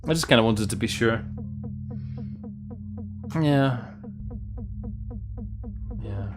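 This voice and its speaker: A man hosting a let's play draws out his words in an animated, medium-pitched voice. His casual commentary wanders and turns sardonic, with plenty of swearing, while the game's music sits clearly behind him.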